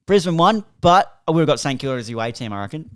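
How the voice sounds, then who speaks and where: An Australian man trading jokes with mock outrage, his voice high and full of swooping pitch. He swears freely and rants for comic effect. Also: very animated, fast talker, clear, resonant tone, no room sound, studio quality. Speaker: podcast co-host. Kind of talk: casual banter.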